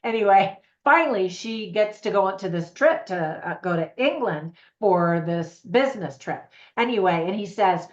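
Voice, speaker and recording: A woman's voice: medium pitch, expressive, moderate pace, hardly any pauses. An American woman chatting casually as a movie reviewer, upbeat and talking straight to her viewers. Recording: roomy echo, slightly dull sound.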